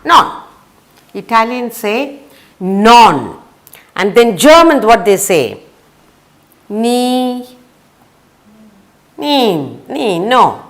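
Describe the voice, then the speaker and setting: A woman with an Indian English accent teaching a vocabulary lesson for children, spelling letters out and repeating each word. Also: mid-range voice. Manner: slow, sing-song, repeats words and spells letters.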